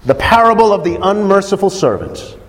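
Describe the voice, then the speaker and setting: Man, preacher, sermon, rhetorical questions, high voice, long reverb. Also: sing-song, brisk.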